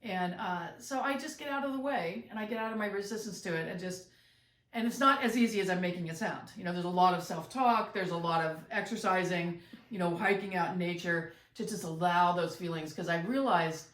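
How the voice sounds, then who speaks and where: Reflective middle-aged woman, roomy distant sound. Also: lowish voice. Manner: reflective, halting with fillers and restarts. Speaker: podcast co-host, mother. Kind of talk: casual chat.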